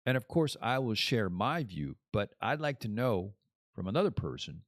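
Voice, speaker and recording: A man's voice: fairly low pitch, big pitch swings, moderate pace, no echo, studio quality. A man hosting a podcast as a casual live stream, rambling and joking as he chats. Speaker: podcast host.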